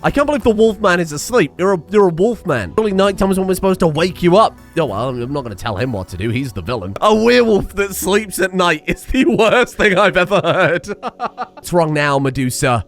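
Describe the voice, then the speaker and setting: A man giving excitable, sarcastic commentary over a game, scolding the characters as he plays. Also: sits high, brisk, faint music behind. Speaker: streamer.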